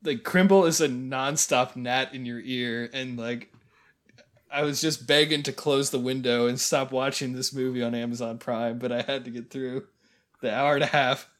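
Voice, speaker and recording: A man's voice: mid-range voice, fairly even intonation, moderate pace, a bit bright. A man co-hosting a podcast, giving wry, rambling movie critique and laughing often. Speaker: podcast co-host. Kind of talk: casual chat.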